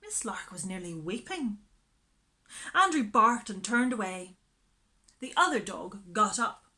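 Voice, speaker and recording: A woman reading a children's storybook aloud in a slow, expressive way. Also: mid-range voice.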